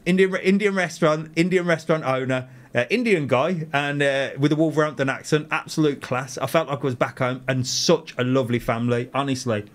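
A man's voice: mid-range voice, fairly even intonation, fairly quick, hardly any pauses. A man, a travel channel host who chats casually on a live stream from a studio, reads viewers' comments aloud and answers them with self-mocking laughs. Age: 40s.

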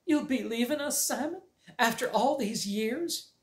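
A man voicing a fussy, teary elderly farm aunt in a high, folksy drawl. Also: wildly swooping pitch, moderate pace. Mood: fretful. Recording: roomy echo.

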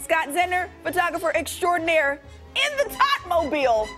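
Bubbly high-voiced woman hosting morning TV. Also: very animated, normal speed, over music. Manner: upbeat, playful, teasing. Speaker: morning show host. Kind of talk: lively morning TV banter.

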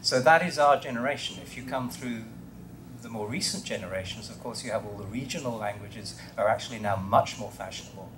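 A man's voice: on the low side, fairly quick, noisy background. A man in his sixties with a posh English accent, earnestly explaining things on a convention panel. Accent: English, received pronunciation.

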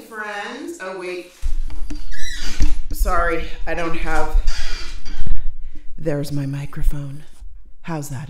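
Woman co-host, low voice, half-asleep chatty reader of live comments; echoey roomy sound. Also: extremely slow, long pauses, fairly bright tone, slight background noise. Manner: reads viewer comments aloud, chatty. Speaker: co-host reading live chat. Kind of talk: casual livestream chat. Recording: roomy echo.

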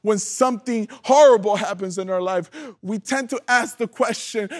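High-voiced passionate male youth preacher. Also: normal speed. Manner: passionate, call-and-response preaching; swings between loud emphasis and hushed lows. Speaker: youth pastor. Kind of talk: sermon.

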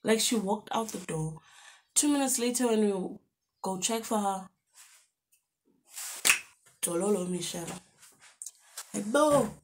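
A young woman with a South African accent telling a storytime on her vlog, animated and lively, throwing in local slang exclamations. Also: mid-range voice, a little slow, pauses often, slight background noise. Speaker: YouTuber.

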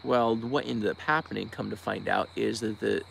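This Bend, Oregon man is a search-and-recovery diver running a relaxed nighttime live-stream outdoors, where he rambles, starts over, and names the donors he thanks. His voice runs lowish with fairly even intonation, a moderate pace, vocal fry, and a fairly bright tone, with a little hiss or hum on the recording.

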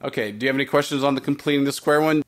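A man's voice: medium pitch, very fast. A man teaching a recorded math lesson. He talks through each step, asking and answering his own questions with playful asides.

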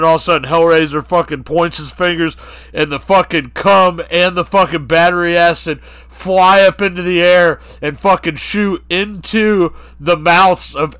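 Bright, dry-voiced podcast co-host. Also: male voice, a little high, clear, resonant tone, dry recording. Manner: profane, rambling, animated. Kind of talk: crude comedic storytelling.

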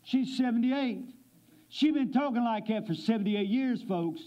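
High-voiced man preaching a sermon. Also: lively intonation, unhurried, mellow, dull audio. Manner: emphatic, asks the congregation questions. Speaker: guest preacher. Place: church sanctuary.

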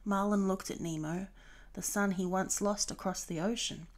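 A woman reading a children's storybook aloud, clear and expressive. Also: medium pitch, normal speed.

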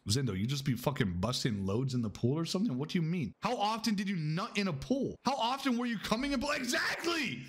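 A young man streaming a game live, joking loudly with chat and swearing a lot. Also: fairly high pitch, lively intonation, fast talker, few pauses, slight background noise.

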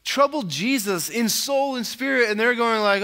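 A man's voice: lively intonation, normal speed, hardly any pauses, pushed and bright. A man pastor giving a conversational sermon, acting out quotes and asking his listeners tag questions. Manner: conversational preaching, acts out quotes with rising pitch; frequent tag questions, casual filler words.

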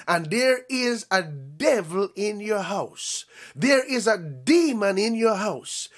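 A man preaching a sermon as pastor, fervent and repetitive, often shouting. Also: sits high.

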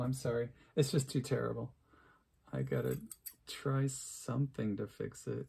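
Middle-aged male craft vlogger, rambling, self-deprecating and chatty, mid-pitched voice. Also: a little slow, gravelly, mellow, breathy edge. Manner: rambling, self-mocking, chatty with many fillers. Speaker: crafts video host. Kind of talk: unscripted casual craft vlog.

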